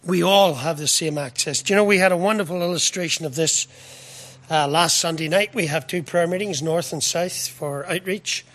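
Earnest middle-aged male preacher from the United Kingdom, high and bright-toned, sermon delivery. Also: normal speed. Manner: earnest, repeats words, asks the listeners questions.

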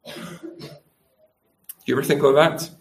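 A middle-aged man preaches a sermon in a fairly high voice, keeping a steady tone and measured pace. He asks the congregation rhetorical tag questions and acts out quoted speech in changing voices.

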